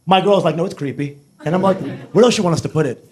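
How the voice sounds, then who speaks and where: On a comedy club stage before a live audience, a male stand-up comedian delivers a brash, profane set, mimicking accents and voices. His voice is high-pitched and darkish in tone, and he talks rapid-fire.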